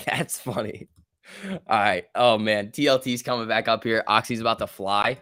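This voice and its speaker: A man hosting a live trading stream, giving loose running commentary, reading chat aloud and breaking into quick excited outbursts. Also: on the low side, no room sound, studio quality. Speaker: livestream host.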